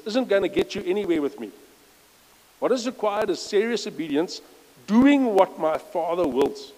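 A man's voice: sits high, darkish tone, long reverb tail, rough recording. A man giving an informal church sermon, reading scripture aloud with emphasis and chatty, self-correcting asides. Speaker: lay preacher.

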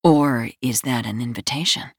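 A woman's voice: normal speed, breathy edge, no room sound, studio quality, exaggerated voice. Woman doing a cocky teasing young man. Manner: smirking, teasing, lowered voice. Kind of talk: audiobook character voice.

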